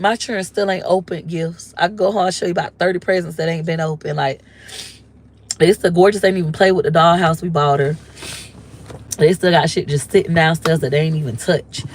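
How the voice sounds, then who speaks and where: A fortysomething mother of grown kids vlogs to her viewers in a lowish, fairly quick voice. She talks candidly and emotionally in casual slang, acting out what her husband said.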